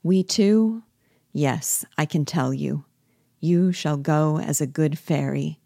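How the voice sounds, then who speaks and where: Doctor Rank read by a woman, wry and measured. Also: sits low, creaky, dark tone, no room sound, studio quality, heavily acted. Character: Doctor Rank, an ironic, dying family friend.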